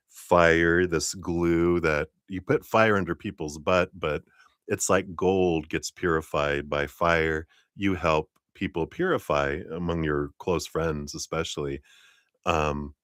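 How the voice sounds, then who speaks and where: A man giving a live-streamed tarot reading in a chatty, animated way, with frequent laughs and many fillers. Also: low-pitched, no room sound, clean studio sound. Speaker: tarot reader.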